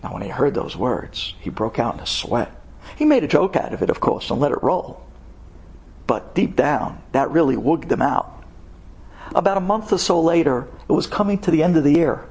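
A man telling a dramatic story, swinging from hushed tones to loud outbursts. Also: on the high side, normal speed, gravelly, breathy edge. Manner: animated, shifting from hushed to shouted.

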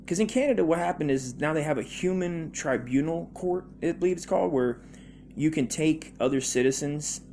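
A man's voice: mid-range voice, a little mellow, slight background noise. A man hosting a comedy podcast, rambling through a profane monologue full of fillers and restarts.

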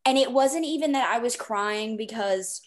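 A woman hosting a book podcast, chatting in an excitable, gushing way and rambling with many fillers. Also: on the high side, normal speed. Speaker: podcast host. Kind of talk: casual podcast chat.

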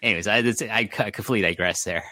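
A man's voice: lowish voice, very fast, bright, forceful tone. A man co-hosting a podcast in casual chat, rambling and swearing freely. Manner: rambling, profane, hesitant, lots of fillers. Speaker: podcast co-host.

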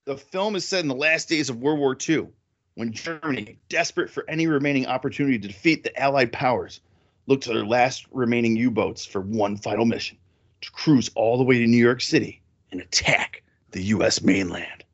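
Excitable man on a casual podcast. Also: brisk, husky, highs cut off. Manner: excitable, jumps high in pitch when thrilled. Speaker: podcast co-host. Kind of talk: casual movie chat.

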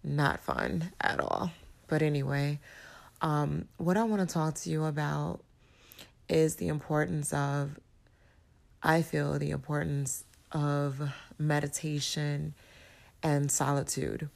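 A woman hosting a podcast in a casual motivational monologue, her voice raspy and hoarse as she recovers from illness, reflective and searching for words. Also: deep voice, takes it slowly, darkish tone. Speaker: podcast host.

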